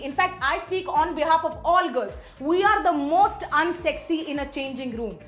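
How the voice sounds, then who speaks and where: A young woman doing a stand-up comedy set in a sarcastic, self-deprecating way with lots of rhetorical questions. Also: extremely high pitch.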